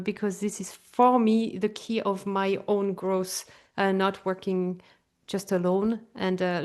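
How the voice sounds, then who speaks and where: A woman co-hosting a live online talk, bubbly and playful, with lots of fillers. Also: medium pitch. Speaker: co-host and speaker. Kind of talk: casual live-stream chat. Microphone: video call.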